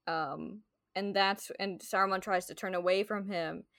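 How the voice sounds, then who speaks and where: A woman co-hosting a podcast chats loosely, peppering her talk with filler words and jokey paraphrases of characters. Her pitch is ordinary and middling. The sound is dry and close, with no room in it. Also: fairly even intonation, moderate pace, creaky, a bit bright, dry recording. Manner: chatty, heavy on "like" fillers, paraphrases characters playfully. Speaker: podcast co-host. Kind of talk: casual chat.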